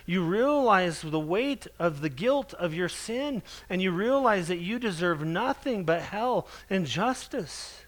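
A man with a high voice delivers a sermon earnestly and emphatically. He presses his points and slows down to lean on the scripture he quotes. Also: animated, a bit bright. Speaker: preacher.

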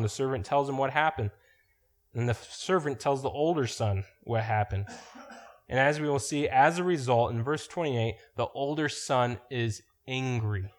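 Emphatic male preacher giving a sermon. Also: mid-range voice. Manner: emphatic, explanatory, slows down to stress points.

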